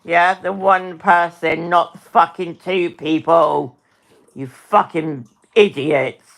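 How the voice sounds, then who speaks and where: Slow-talking, heated, sweary woman ranting. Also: fairly low pitch, fairly even intonation, vocal fry, a bit bright. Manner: heated, sweary, repeats herself, addresses chat by name. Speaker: livestream host. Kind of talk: angry livestream rant.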